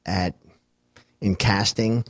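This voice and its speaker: A man's voice: fairly low pitch, steady tone, slow. A man in casual chat, telling a rambling story and laughing easily.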